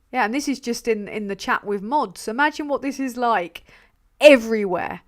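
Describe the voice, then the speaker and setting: A woman's voice: mid-range voice, unhurried. A woman hosting a live stream, talking bluntly with frequent swearing, rambling between points and reading out viewer messages. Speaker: livestream host.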